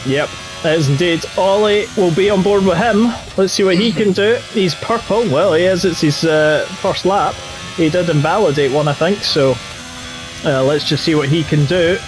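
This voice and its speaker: A man's voice: a little high, moderate pace, noisy background. A man with a Yorkshire accent commentating a racing game live, chatty and jokey. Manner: chatty and jokey, drifting into banter. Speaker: league race commentator.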